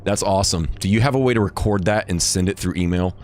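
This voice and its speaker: A male streamer with a somewhat low voice chats casually to his viewers. He rambles along with a joking tone, laughing often and stumbling over repeated words as he goes. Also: fast talker, slight background noise. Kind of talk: casual live-stream chat.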